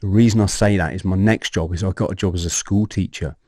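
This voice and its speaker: Animated man telling his story. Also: sits low, fast, no room sound, clean studio sound. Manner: animated, swears, acts out scenes. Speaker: guest. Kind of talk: emotional personal storytelling.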